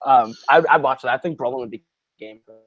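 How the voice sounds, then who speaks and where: A man guests on a casual movie review, easygoing and slow on his fillers. His voice sits dry and close, with no room sound around it. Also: medium pitch, fairly bright tone, no echo, dull audio. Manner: easygoing, drawn-out filler words.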